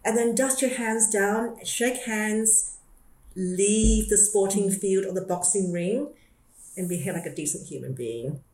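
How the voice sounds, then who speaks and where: An Australian woman hosting a podcast, explaining ideas in a lively, casual way with frequent laughs. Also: medium pitch, a little slow. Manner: lively, laughs often, self-deprecating. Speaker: podcast host. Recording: roomy echoey room.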